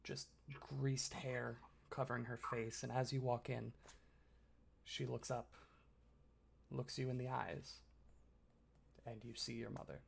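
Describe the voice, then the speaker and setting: A man narrating a tabletop game as game master, loose and casual with frequent fillers. His mid-pitched voice has a gravelly, creaky texture. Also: little pitch movement, a little slow, long pauses, slight background noise.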